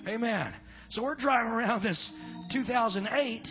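A middle-aged man preaching a sermon at a church revival, swinging from shouted preaching to chatty storytelling. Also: very high-pitched, normal speed, dull audio, faint music behind. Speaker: pastor.

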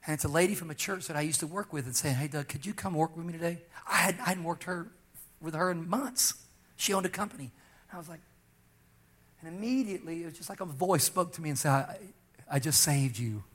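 A pastor preaching, telling a personal story and pressing key lines with slow, emphatic rises. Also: male voice, on the high side, a bit bright. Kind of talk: sermon testimony.

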